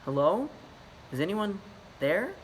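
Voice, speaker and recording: A man's voice: high voice, very animated, takes it slowly, slight background noise, voice pushed up, exaggerated voice. A man voicing a sulky, self-pitying young male narwhal in a picture book story, in a whiny, strained voice. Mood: timid.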